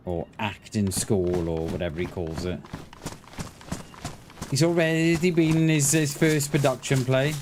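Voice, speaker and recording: A man, the adult parent of a school-age son, live-streams a survival game and chats casually, swearing freely. His voice is mid-range and unhurried, with clear background noise in the recording.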